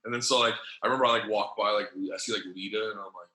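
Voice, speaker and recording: A man's voice: on the low side, steady tone, rapid-fire, bright, forceful tone, echoey room, rough recording. A man telling a long story in casual, profane slang, acting out the quotes as he goes. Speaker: podcast guest.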